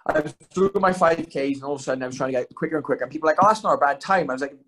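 Fast-talking young man. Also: on the high side, a bit bright. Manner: rambling storyteller, swears, self-mocking. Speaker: guest, fighter. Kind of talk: casual podcast chat.

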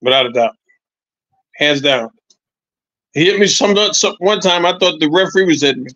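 A man in his sixties, a former boxer, telling animated, profane stories as a podcast guest, repeating his points. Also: high voice, brisk, no room sound, muffled recording. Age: 60s. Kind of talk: casual podcast chat.

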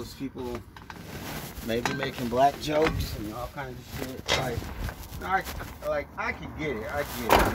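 A man ranting bluntly and with a lot of swearing in a casual monologue, as a truck driver filming himself at a truck stop. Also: mid-range voice. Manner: blunt, profane, heated. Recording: outdoor traffic noise.

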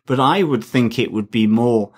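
A man's voice: mid-range voice, normal speed, slightly rough. A man co-hosting a podcast, musing in a rambling, hesitant way with many fillers. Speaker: podcast co-host. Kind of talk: casual chat.

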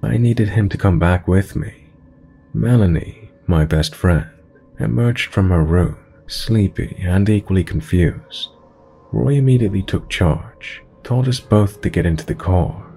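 Deep gravelly guy reading a horror story, dark mellow tone, faint hiss behind. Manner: low, steady storytelling with quoted dialogue. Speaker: narrator. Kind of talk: scripted horror story narration.

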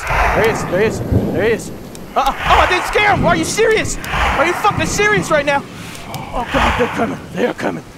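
Frantic high-voiced man, cursing at monsters. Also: very noisy. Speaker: gaming video host. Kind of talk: horror game commentary.

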